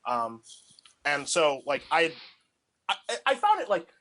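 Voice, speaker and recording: A man's voice: a little high, wildly swooping pitch, slow pace, bright, forceful tone. A young man co-hosting a casual chat, telling rambling anecdotes packed with filler words. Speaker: podcast co-host.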